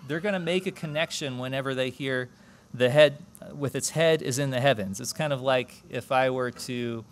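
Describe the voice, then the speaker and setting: Male preacher, conversational sermon, explanatory, medium pitch. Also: normal speed. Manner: explanatory, asks the congregation questions. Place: church service before a congregation.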